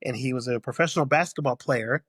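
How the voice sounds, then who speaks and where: A man working in hotel customer service, a podcast guest telling animated stories and laughing often. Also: medium pitch, fast, slightly rough, no room sound, clean studio sound. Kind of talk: casual storytelling.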